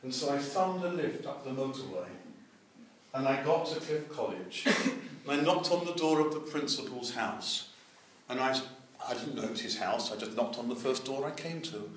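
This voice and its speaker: A man's voice: mid-range voice, lively intonation, normal speed. Older man in an echoey hall. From England. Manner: earnest, acts out dialogue in his story. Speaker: evangelist. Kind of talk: storytelling testimony. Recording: very echoey, distant mic.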